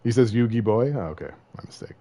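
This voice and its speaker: A man's voice: fairly low pitch, expressive, fast, mellow. A man streaming a video game, chatting casually and joking, rambling and slipping into silly voices. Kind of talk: casual gaming livestream commentary.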